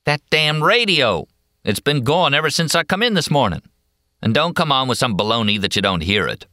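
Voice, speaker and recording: A man voicing a brash, cocky male card dealer who rattles off high, fast auctioneer patter in an audiobook. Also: very animated, pushed and bright, no echo, studio quality. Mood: annoyed. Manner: rowdy, cocky, swaggering. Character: brash loud male card-dealing patient, hustler.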